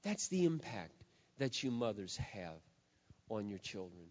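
A middle-aged man preaches a sermon from the pulpit. He leans hard on key words, then drops to a hush. His voice echoes through a large hall on a dull, lo-fi recording. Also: on the low side, big pitch swings. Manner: emphatic, drawn-out stresses, shifting from loud to hushed. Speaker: pastor.

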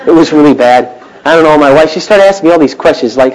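Animated male preacher with hushed asides. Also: a little high, fast talker, low-quality recording. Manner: animated, swings from loud to hushed. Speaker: pastor. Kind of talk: sermon.

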